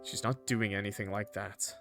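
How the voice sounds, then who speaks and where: A man voicing a blunt, level-headed young man in a story game, speaking in a flat, quiet, matter-of-fact way. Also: lowish voice, moderate pace, gravelly, soft background music.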